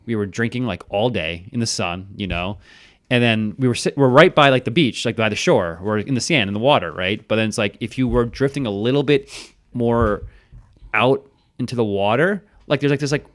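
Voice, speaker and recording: Fast-rambling man telling stories. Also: medium pitch. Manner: rambling storyteller, heavy use of "like", animated impressions. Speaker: podcast guest. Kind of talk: casual chat.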